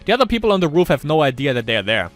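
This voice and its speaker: A man's voice: on the high side, big pitch swings, very fast. A man doing casual let's-play commentary, reading a visual novel aloud with rambling asides and frequent laughter.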